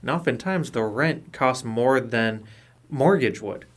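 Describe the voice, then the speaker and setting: Male podcast co-host, mid pitch, measured and opinionated. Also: expressive. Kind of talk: casual chat.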